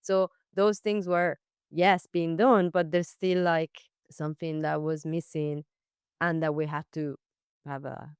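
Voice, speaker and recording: Female podcast co-host with a cold, lowish smooth voice, candid and thoughtful. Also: flat delivery, a little slow, dry recording, clean studio sound. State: has a cold, voice sounds off.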